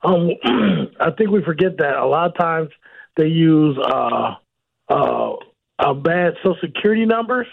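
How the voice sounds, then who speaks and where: A man calling in to a radio show, hesitating often as he works through his point. His voice is gravelly and husky, and it comes through a thin, tinny phone line. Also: fairly high pitch, animated, unhurried. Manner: hesitant, many uhs. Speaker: radio caller. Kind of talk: call-in conversation.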